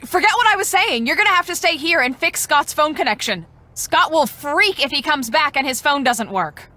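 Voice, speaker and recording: A frantic storm-team boss. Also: female voice, sits high, expressive, bright, forceful tone. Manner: rushed, bossy, hurried instructions. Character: frantic adult woman storm researcher. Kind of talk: video game voice acting.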